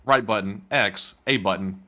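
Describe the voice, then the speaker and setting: A man's voice: on the low side, moderate pace, pushed and bright. A man co-hosting in casual chat, rambling with many "like"s and "um"s. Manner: rambling, filler-heavy with "like" and "um". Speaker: co-host.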